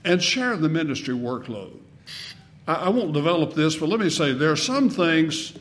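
A man preaching a sermon in a folksy way, asking the congregation questions and swinging between loud emphasis and soft asides. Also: medium pitch.

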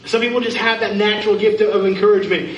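A man's voice: sits high, level tone, racing, highs cut off, slight background noise. A pastor preaching a conversational sermon, asking his congregation questions. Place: church sanctuary. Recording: echoey room from far off.

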